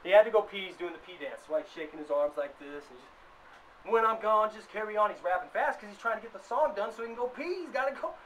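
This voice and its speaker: A man ranting in a comedic vlog, swearing freely, worked up, with bursts of loud emphasis. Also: sits high, lively intonation, fast, hardly any pauses. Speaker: vlogger. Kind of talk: comedic rant. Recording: distant mic, faint background noise.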